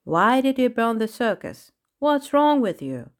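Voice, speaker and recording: A woman's voice: on the high side, very animated, a little slow, voice pushed up. A woman voicing an irritated male peacock who questions a villain in a storybook, in a raised, insistent tone. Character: fussy, bossy male peacock detective. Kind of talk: storybook reading.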